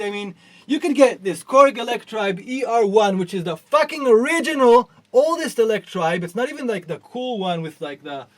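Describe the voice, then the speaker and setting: A man giving a ranting product review. He talks loosely with many fillers and restarts, and he swings between low mutters and profane, exasperated outbursts. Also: lively intonation, normal speed. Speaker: gear reviewer.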